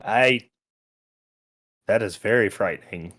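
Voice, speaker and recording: A man's voice: lowish voice, slow. A man narrating casually as game master of a tabletop game. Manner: casual, lively.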